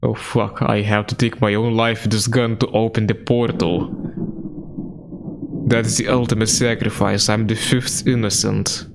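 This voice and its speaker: A man's voice: fairly low pitch, level tone, unhurried, gravelly, noisy background. A male streamer giving casual, laid-back commentary while playing a game, swearing often and laughing at himself.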